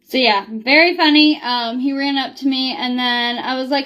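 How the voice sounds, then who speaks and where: A woman's voice: high voice, steady tone, normal speed, hardly any pauses, sharp tone. A young woman talking casually in a vlog, rambling with lots of ums and likes. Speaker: beauty product reviewer.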